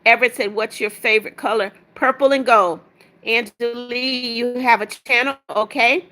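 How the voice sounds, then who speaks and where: A woman's voice: fairly high pitch, fairly even intonation, moderate pace, pushed and bright, faint music behind. A woman hosting a casual livestream, reading viewer comments aloud and answering them in a blunt, sassy way. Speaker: livestream host reading chat.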